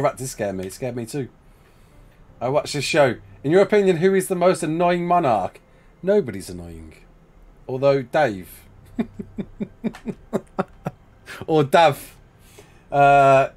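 A man's voice: medium pitch, a little mellow. A young man, from England, streaming a game live, chatting, joking and laughing while reading chat aloud.

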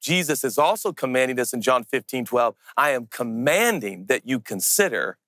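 A man preaching a sermon as pastor, earnest and intimate, slowing down to press on key words. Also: mid-range voice, very animated, a bit bright, no echo.

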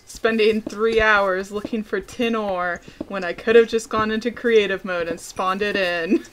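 A woman co-hosting a gaming channel, chatting casually and thinking out loud, rambling and giggly as she plays at home on her computer. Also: mid-range voice, steady tone, measured pace, a little hiss or hum, poor audio. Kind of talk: casual gameplay chat.

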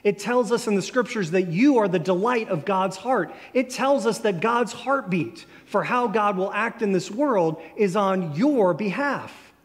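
Male pastor, slightly high voice, easy conversational preaching that slows for key lines; long church reverb. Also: animated. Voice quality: conversational, warm storytelling delivery with slow emphatic phrases. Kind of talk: sermon. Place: church sanctuary.

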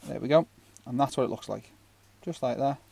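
A man's voice: medium pitch, a little fast, gravelly, warm tone, husky. A man giving a casual, rambling fishing knot tutorial with jokey asides. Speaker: fishing channel host.

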